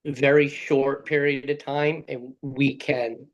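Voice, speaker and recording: A man's voice: mid-range voice, flat delivery, measured pace, dull audio. A man who works as a sales rep, answering interview questions in a thoughtful, hesitant way with many fillers. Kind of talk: casual interview talk.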